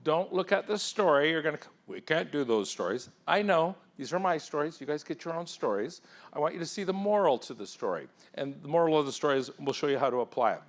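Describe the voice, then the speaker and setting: A man giving an interactive talk at a conference, firing questions at the audience in an energetic, persuasive way. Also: a little high, quick pace. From England. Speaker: keynote speaker. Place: conference hall.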